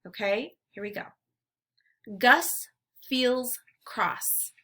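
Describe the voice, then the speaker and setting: A woman teacher leading a phonemic awareness lesson, saying words slowly and clearly for children to repeat. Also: on the high side, bright, forceful tone. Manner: slow, clearly enunciated word drills.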